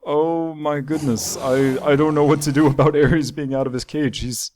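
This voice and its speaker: A man's voice: on the high side, steady tone, moderate pace, darkish tone. A young man hosting a gaming channel, chatting casually over his gameplay, talking to his animals and often restarting his sentences. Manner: chatty, talks to his pets, frequent restarts.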